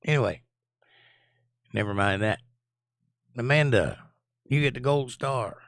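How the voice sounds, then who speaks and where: A hoarse man with a gravelly, scratchy voice hosts a relaxed live chat stream, reading messages and cracking jokes. His voice is nearly gone, low and rough. The sound is dry and close, with no room around it. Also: unhurried, dry recording. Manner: laid-back, jokey, reads chat messages aloud. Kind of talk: casual chat.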